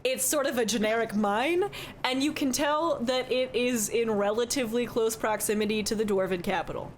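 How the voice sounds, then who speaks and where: A woman's voice: a little high, moderate pace, a little hiss or hum. Woman game master narrating. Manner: descriptive, filler-heavy.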